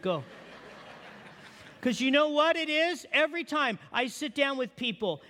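High-voiced pastor preaching in a hall. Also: male voice, measured pace. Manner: animated storytelling, asks the congregation questions. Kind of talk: sermon.

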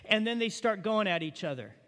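A man preaching a sermon as pastor, telling animated stories and asking the congregation questions. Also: sits high, fairly quick, big-room sound.

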